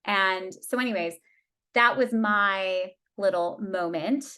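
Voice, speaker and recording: A woman's voice: medium pitch, slow, bright, forceful tone, clean tone. A woman in her thirties, a team leader telling her team an emotional story in a candid talk, with many restarts.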